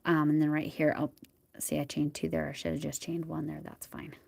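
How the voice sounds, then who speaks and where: A woman hosting a crochet livestream at home, chatting casually as she works and murmuring soft whispered asides to herself. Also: low voice, little pitch movement, a little fast, gravelly, slightly rough, no echo. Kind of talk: casual live chat while crocheting.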